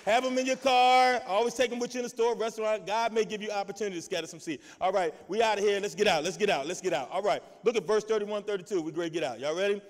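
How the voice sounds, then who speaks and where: A male pastor preaching an exuberant sermon, shouting and calling out to his congregation for responses. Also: high-pitched, quick pace, few pauses, big-room sound. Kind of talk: lively sermon with call and response.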